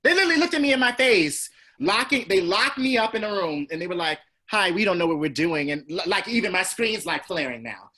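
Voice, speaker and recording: A man from Georgia in the US, a teacher telling a class a personal story. He acts out other people's lines with big pitch swings. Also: very animated, fairly quick, few pauses, sharp tone. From Georgia, USA. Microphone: video call.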